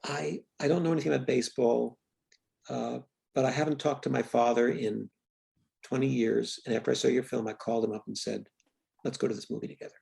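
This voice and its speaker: A man's voice: mid-range voice, fairly even intonation, gravelly, slightly rough. An older man, a film writer and director, telling candid stories in an interview with a reflective manner and frequent restarts. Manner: reflective, restarts often, quiet trailing pauses.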